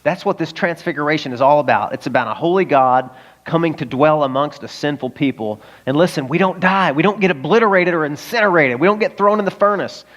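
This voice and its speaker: A man's voice: a little high, brisk, fairly bright tone, dull audio. A man preaching a sermon as pastor, talking casually with frequent rhetorical questions to the congregation. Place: church service in a high school auditorium.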